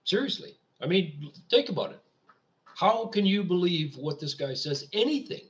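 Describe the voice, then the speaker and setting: A man's voice: high voice, big pitch swings, normal speed, a bit bright. A man hosting his own show, from Canada, giving an indignant, sarcastic political rant. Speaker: radio show host. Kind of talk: political commentary monologue.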